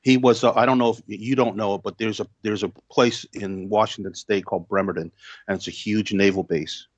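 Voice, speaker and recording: A man in his sixties, a pastor and guest, telling stories in a measured way and acting out the dialogue. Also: lowish voice, fairly even intonation, no room sound, lo-fi sound. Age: 60s. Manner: measured storyteller who acts out dialogue. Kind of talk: storytelling in an interview.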